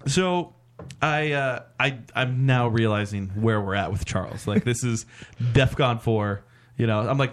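A man's voice: mid-range voice, expressive, moderate pace. Man telling a rambling, profane story. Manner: rambling, profane, acts out quotes. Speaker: podcast co-host. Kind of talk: casual storytelling chat.

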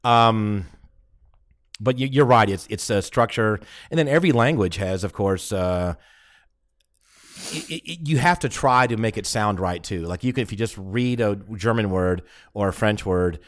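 A man's voice: fairly low pitch, normal speed. A man co-hosting a casual podcast, telling stories with frequent restarts and swearing. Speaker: podcast co-host. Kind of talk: casual chat.

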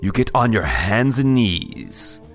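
A bellowing, self-important restaurant manager, as a man puts him on, swinging his pitch wildly between high and low. Bright, sharp tone with grand flourishes, over soft music. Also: sing-song, slow pace, full character voice. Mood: imperious. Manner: grandiose, theatrical, booming declarations. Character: pompous shouting male restaurant manager.

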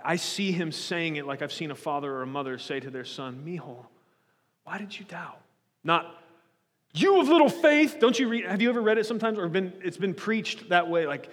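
A man preaches to a congregation in an earnest, pleading way, stumbling over and repeating words as he presses his point. His voice sits a little high for a man. Long reverb trails off each phrase, as in a church hall. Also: fairly bright tone. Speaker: pastor. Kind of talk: sermon.

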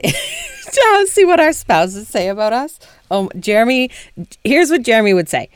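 Animated laughing woman storyteller. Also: on the high side, a little slow, clear, resonant tone, dry recording. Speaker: podcast co-host. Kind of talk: casual chat.

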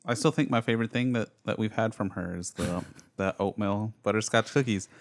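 Laid-back podcast co-host, male, lowish voice, easy storyteller. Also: brisk. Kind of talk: casual chat.

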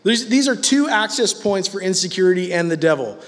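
High-voiced guy preaching, jokey and self-deprecating, big echoey hall. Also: lively intonation, brisk. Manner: humorous, self-mocking, conversational. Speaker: pastor. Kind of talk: sermon.

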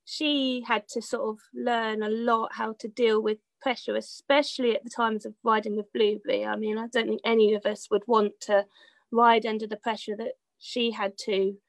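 A woman's voice: on the high side, level tone, moderate pace, creaky, no room sound. Chatty woman, dry close sound. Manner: chatty storyteller with fillers, laughs often. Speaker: guest, horse rider. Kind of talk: casual anecdotal chat.

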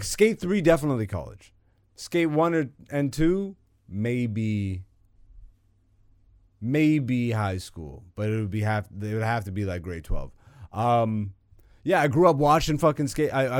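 A man's voice: medium pitch, a little mellow, no echo, clean studio sound. A man in his thirties hosting a podcast, chatting casually and loosely while gaming, self-mocking and laughing often. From Canada. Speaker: podcast host. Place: home room with a gaming setup.

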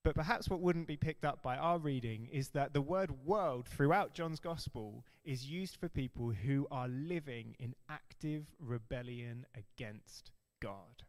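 A man preaching a sermon as pastor, earnest and emphatic, stressing key phrases slowly. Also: mid-range voice, long reverb tail.

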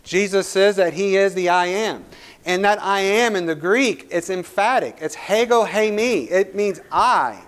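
A man's voice: sits high, a little slow. A male pastor preaching a sermon, reading scripture aloud and building to emphatic points.

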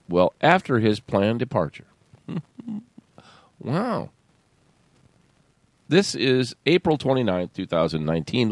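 A man's voice: medium pitch, sing-song, slow pace, long pauses, dry recording, soft background music. A man hosting a talk radio show, reading and commenting in a sarcastic, rambling way with laughs. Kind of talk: casual talk radio monologue.

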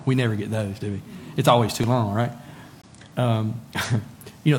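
A man's voice: lowish voice, steady tone, a little slow, darkish tone, slight background noise. Conversational male pastor preaching. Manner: conversational, asks the congregation rhetorical questions; repeats words when emphasizing. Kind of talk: sermon.

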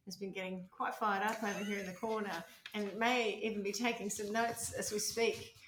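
A woman's voice: medium pitch, little pitch movement, normal speed, noisy background. Casting: female podcast co-host, playful banter, echoey room. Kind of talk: casual true crime podcast chat.

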